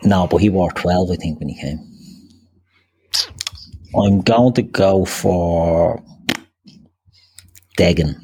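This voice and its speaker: A man's voice: low-pitched, slow pace, pauses often, warm tone, husky. A man taking part in a football quiz, thinking aloud and swearing casually. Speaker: quiz contestant. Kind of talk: casual podcast banter.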